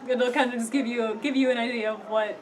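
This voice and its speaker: A woman's voice: a little high, fairly even intonation, quick pace, noisy background. Chatty young woman vlogging. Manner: chatty, laughing, lots of "like" fillers. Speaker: vlogger studying abroad. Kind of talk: casual chat to camera.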